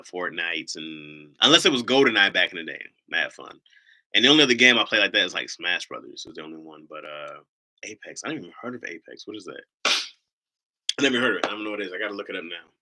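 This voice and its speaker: A man's voice: sits low, gravelly, bright, forceful tone. A man hosting a casual livestream, a rambling storyteller who laughs often. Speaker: livestream host.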